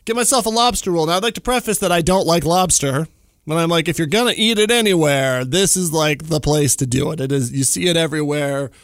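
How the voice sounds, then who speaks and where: A man's voice: brisk, no room sound, studio quality. A man hosting a casual solo podcast, telling a trip story and ranting, with big jumps in his voice. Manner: animated, exaggerated jumps in pitch when ranting. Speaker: podcast host.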